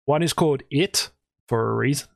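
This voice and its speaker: A man hosting a casual chat show, telling stories in an animated way and jumping into high, excited voices when he quotes himself. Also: normal speed, gravelly, dry recording. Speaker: podcast host and streamer.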